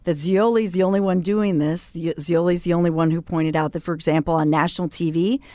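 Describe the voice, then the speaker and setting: A woman's voice: on the low side, steady tone, brisk, mellow, no echo. A female talk radio co-host making pointed, matter-of-fact remarks.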